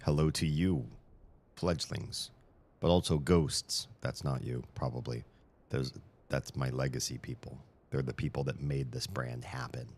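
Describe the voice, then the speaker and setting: A man's voice: rumbling low, fairly even intonation, unhurried, a little mellow. A tired man hosting a live stream in casual chat, rambling and joking with frequent stammered restarts, into a studio microphone in a room with shelves.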